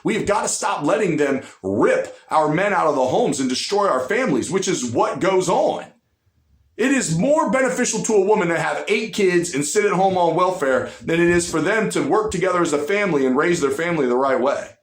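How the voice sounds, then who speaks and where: Man, political rant, blunt, cursing, fairly high voice, roomy echo. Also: expressive, a little fast. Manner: blunt, profane and emphatic, repeats for punch. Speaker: political commentary host. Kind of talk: ranting political commentary.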